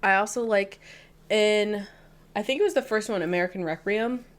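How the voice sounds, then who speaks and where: A woman's voice: medium pitch, fairly quick. A woman from the American South co-hosting a podcast, talking in a playful, joking, self-mocking way. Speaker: podcast co-host. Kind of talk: casual chat.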